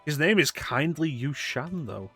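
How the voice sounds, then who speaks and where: A man's voice: fairly high pitch, expressive, measured pace, a bit bright, slightly rough, soft background music. A man streaming a video game, giving casual, crude, joking commentary from a desk mic at home.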